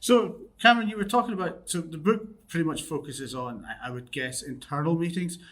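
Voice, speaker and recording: A man's voice: a little high, fairly quick, fairly bright tone. A man hosting a business podcast, recalling discussions and asking the guest questions. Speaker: podcast host. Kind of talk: podcast conversation.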